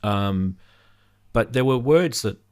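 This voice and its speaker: A man's voice: medium pitch, expressive, slow pace, clean tone. A man with a light Australian accent, hosting a casual live-stream chat and rambling with many ums. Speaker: host.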